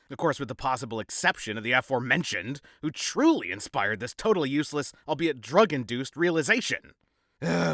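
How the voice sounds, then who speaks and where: A man's voice: medium pitch, sharp tone, no room sound, clean studio sound. A man narrating a novel in first person, with a sardonic, rambling, wry delivery. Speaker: audiobook narrator.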